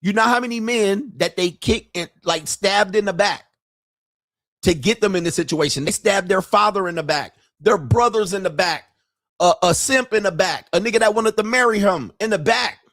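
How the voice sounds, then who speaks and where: A man's voice: high-pitched, lively intonation, normal speed, a bit bright, dry recording, studio quality. A man hosting a casual live stream, ranting with profanity and jokes and acting out the voices of the people he quotes. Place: home studio.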